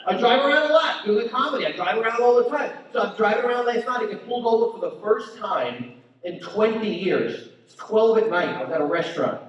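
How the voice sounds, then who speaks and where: Italian-American comedian in an echoey hall. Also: male voice, high-pitched, animated, normal speed. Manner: punchy crowd-work delivery, mimics his mother. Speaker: stand-up comedian. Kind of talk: stand-up comedy set. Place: comedy venue with audience. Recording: distant dull echoey hall.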